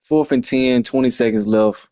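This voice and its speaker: A man's voice: medium pitch, normal speed, dark tone, no room sound, clean studio sound. A man, breaking down a lost football video game in a frustrated, slangy ramble on a livestream. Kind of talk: casual game replay breakdown.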